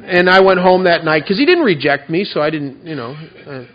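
A man with a fairly high voice tells a confessional recovery story to a meeting. He is candid and self-mocking. The recording is dull and lo-fi. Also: expressive, a little fast. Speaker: recovery speaker.

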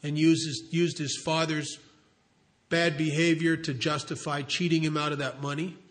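Middle-aged guy telling a story, earnest, stops and restarts a lot, kinda high voice. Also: level tone, moderate pace, a bit bright. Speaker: recovery sponsor telling a story. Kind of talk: storytelling talk.

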